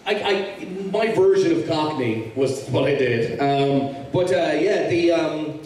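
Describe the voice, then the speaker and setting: A man's voice: a little high, measured pace, a little mellow. Irish man in an echoey hall. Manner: rambling, with many restarts and easy humor. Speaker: actor guest at fan convention panel. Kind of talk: casual Q&A panel talk. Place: large convention hall with audience. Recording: echoey hall, mic from far off.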